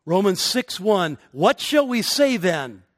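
A middle-aged male pastor delivers a sermon in a notably high voice. He speaks with emphasis and pushes hard on his key points. He sounds like a preacher leading a congregation through his message. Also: very animated, slow pace. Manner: emphatic, rising to forceful peaks.

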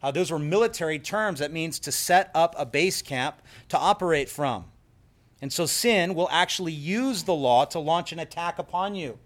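A male pastor preaching with earnest emphasis, leaning into key words and slowing for effect. His voice sits a little higher than most men's. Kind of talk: sermon.

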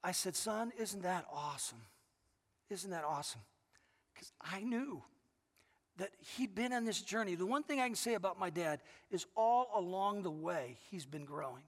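The long reverb of a big hall surrounds a middle-aged man preaching as pastor. He has a high, slightly bright voice, and he tells his stories with sincerity while frequently starting sentences over.

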